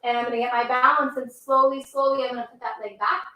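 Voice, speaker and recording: A woman's voice: a little high, level tone, fast, reverberant, recorded from a distance. A young adult woman teaching a live kids' yoga class between story passages, upbeat and encouraging. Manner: upbeat, warm to kids, repeatedly says "friends".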